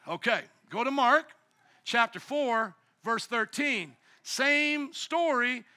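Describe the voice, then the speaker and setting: A male pastor delivering a sermon in a high, piercing, bright tone. He preaches with animation, slipping into acted-out voices and bursting into shouts for emphasis.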